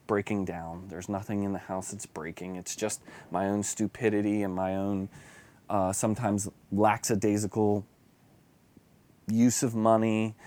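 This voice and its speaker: A man's voice: on the low side, level tone, a little slow, darkish tone. A man preaching an earnest, confessional devotional sermon that builds to fervent emphasis.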